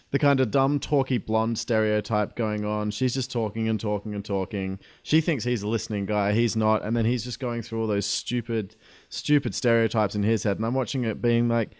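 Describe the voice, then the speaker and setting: A young man co-hosting a comedy podcast, wry and mocking, often halting for words. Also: mid-range voice, a little mellow, clear, resonant tone, no echo. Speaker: podcast co-host. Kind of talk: casual comedic chat.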